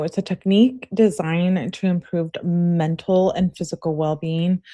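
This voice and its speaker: Young woman doing true crime commentary, slow and kinda sarcastic, cusses a lot. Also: on the low side, mellow. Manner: blunt, sarcastic, swears casually. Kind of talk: casual commentary reading out texts.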